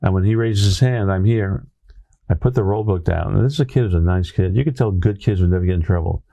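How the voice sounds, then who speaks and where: A man's voice: sits low, fast talker, creaky, dry recording. A man with a Brooklyn accent, a former teacher telling a classroom story as an interview guest, often checking in with "right?". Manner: animated storyteller, tag questions like "right?". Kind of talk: anecdotal storytelling in conversation.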